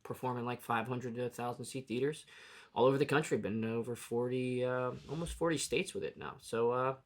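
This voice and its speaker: A man's voice: mid-range voice, fairly quick. A man from New York co-hosting a podcast, talking in a loose, rambling way and laughing often. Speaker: podcast co-host. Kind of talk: casual chat.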